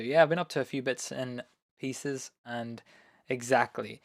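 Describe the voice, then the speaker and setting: A man hosting his own live stream, chatting casually with viewers and rambling with lots of ums, his voice a little hoarse. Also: mid-range voice, moderate pace, no echo, studio quality. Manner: relaxed, rambling, many fillers. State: voice going hoarse. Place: home studio.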